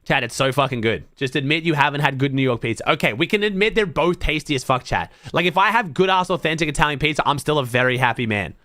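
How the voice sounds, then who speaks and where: A man's voice: fairly high pitch, lively intonation, fast talker, few pauses, pushed and bright, no echo, clean studio sound. An Australian man streaming to his chat, thinking aloud in blunt, casual talk full of swearing. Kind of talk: casual livestream chat to viewers.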